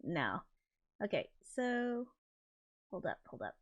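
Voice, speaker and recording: A woman's voice: mid-range voice, sing-song, slow pace, muffled recording. A woman hosting a casual livestream, reading viewer comments aloud and reacting with shocked exclamations and laughter. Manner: chatty and rambling, with loud shocked reactions and laughter. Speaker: livestream host and composer.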